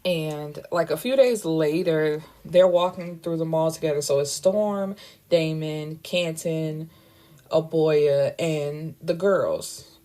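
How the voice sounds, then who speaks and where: Chatty woman recapping a book, fairly low. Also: slow, warm tone. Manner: candid, chatty, swears freely and adds wry asides. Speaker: book reviewer recapping a novel. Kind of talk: casual spoken book recap.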